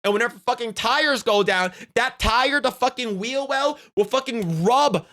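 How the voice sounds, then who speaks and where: Guy doing a squeaky furious rideshare driver, swearing nonstop, totally fed up. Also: moderate pace, sharp tone. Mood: outraged. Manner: profane, high-pitched, indignant ranting. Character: outraged adult male rideshare driver ranting.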